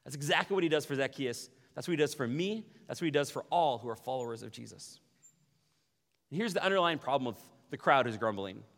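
A man preaching a sermon as pastor, animated, often acting out quoted voices. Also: mid-range voice, brisk, gravelly. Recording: long hall reverb.

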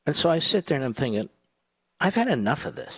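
A man hosting a talk radio show, delivering a combative, sarcastic monologue that swings between loud outbursts and low asides. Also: sing-song, quick pace, slightly rough, no echo.

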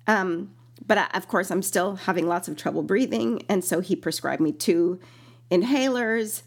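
A woman in casual conversation, animated and quick to laugh, still recovering from an illness. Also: fairly low pitch, husky. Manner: animated, laughs often, acts out quoted voices. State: recovering from illness, lingering cough. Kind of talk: casual storytelling chat.

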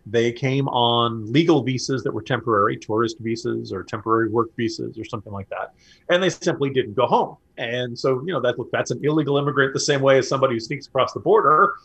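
With a mid-range, slightly rough voice, some vocal fry, and a bit of brightness, this podcast co-host speaks quickly in a political commentary conversation. He hammers his arguments home, repeating them for emphasis.

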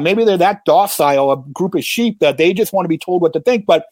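A man's voice: high-pitched, animated, a little fast, a little mellow, no echo. A man who is a football analyst, guesting on a talk radio show and speaking emphatically and scornfully.

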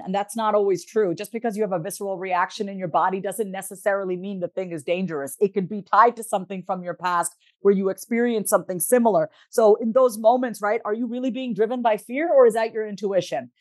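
A woman guest on a podcast, speaking in a reflective, measured way as she explains her ideas. Her voice sits at a middle pitch for a woman. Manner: reflective, explains in a steady teaching way. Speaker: podcast guest, therapist and author. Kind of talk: casual interview talk.

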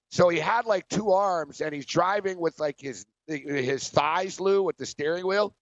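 Male sports radio host, higher voice, lively storyteller, dry lo-fi studio sound. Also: dry recording. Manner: animated storyteller, quick asides. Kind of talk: casual sports radio chat. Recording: dry, dull lo-fi studio audio.

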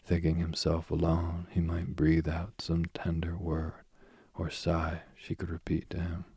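A man reading an old myth aloud, soft and husky, often dropping to a whisper. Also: low voice, completely flat delivery, unhurried, no echo, clean studio sound. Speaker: storyteller.

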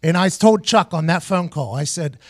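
Loud, profane male podcast host. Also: on the high side, moderate pace, no room sound, studio quality. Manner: animated, profane, laughs through his stories. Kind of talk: casual storytelling.

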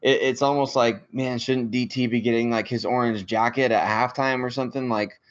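Man, sports reporter guest, halting and filler-heavy, mid-pitched voice on muffled lo-fi audio. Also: fairly even intonation. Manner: halting, many filler words. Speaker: podcast guest and team reporter. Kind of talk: casual sports podcast chat.

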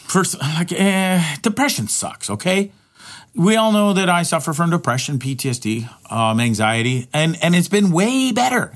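Middle-aged guy podcasting solo, swears a lot, kinda high voice, keeps restarting. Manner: rambling, profane, frequent restarts. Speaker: podcast host. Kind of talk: casual solo podcast monologue.

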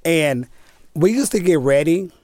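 A man chatting as a podcast guest, telling stories in an animated way and laughing often. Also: a little high, unhurried, dry recording. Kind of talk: casual podcast chat.

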